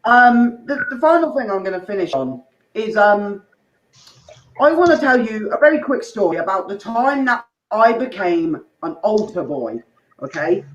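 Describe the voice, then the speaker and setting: Crude rambling comic in an echoey room. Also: male voice, sits high, big pitch swings, moderate pace, fairly bright tone. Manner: crude, rambling storytelling with crowd asides. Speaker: stand-up comedian. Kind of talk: open mic stand-up set. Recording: echoey room, muffled dull sound, faint noise.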